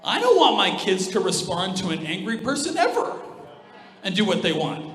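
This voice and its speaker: Man, pastor, sermon, high pitch, blunt and joking, echoey church hall. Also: huge pitch swings, moderate pace, fairly bright tone. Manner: humorous, direct and emphatic. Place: church auditorium.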